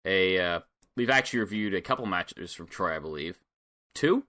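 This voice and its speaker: A man co-hosts a casual podcast chat, laid-back and dryly funny while he recaps what happened. His voice sits a bit low but comes across bright and clear. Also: animated, moderate pace. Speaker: podcast co-host.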